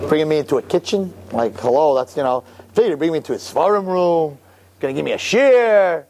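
A man's voice: fairly high pitch, sing-song, moderate pace, long pauses, a little mellow, slight background noise. A man voicing a depressed teenage yeshiva boy who talks in a mocking, sarcastic way.

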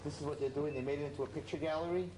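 A man acting out a proud, wounded king in exile, shouting in a voice pushed far up. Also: a little high, fairly even intonation, very fast, noisy background, close to an everyday voice. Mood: bitter. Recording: roomy echo.

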